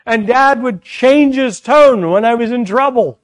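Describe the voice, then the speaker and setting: A man's voice: extremely high pitch, measured pace. A man preaching a sermon, teaching earnestly from scripture with chatty asides to the congregation.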